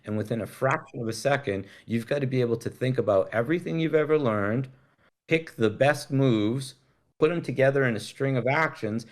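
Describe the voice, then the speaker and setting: A middle-aged man, a guest, tells long stories in casual conversation, rambling and cursing freely. His voice is fairly low with a darkish tone, and his storytelling is laid-back and profane.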